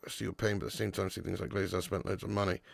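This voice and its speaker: A football fan channel host runs a live watch-along, trading banter with his chat, reading out super chats and shouting in mock outrage at players. His voice is low and flat, with vocal fry, and he talks very fast. There's no echo on the recording.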